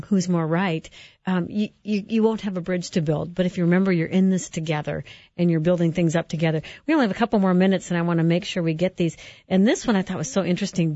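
A woman's voice: fairly low pitch, fast, dark tone, no room sound, dull audio. A woman hosting an interview, reflecting on the guest's points and guiding the talk. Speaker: host. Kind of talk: radio-style interview hosting.

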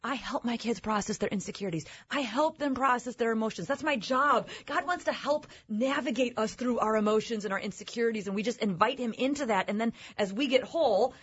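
A woman guest on a faith talk show, telling personal stories in an animated way. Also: a little high, fairly quick, hardly any pauses, husky, lo-fi sound.

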